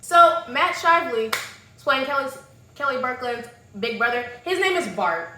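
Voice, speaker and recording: Woman vlogger, higher voice, animated and sassy, echoey room. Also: normal speed, a little hiss or hum. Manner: animated, sassy, exclamatory asides. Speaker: vlogger reviewing a movie. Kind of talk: casual sassy commentary.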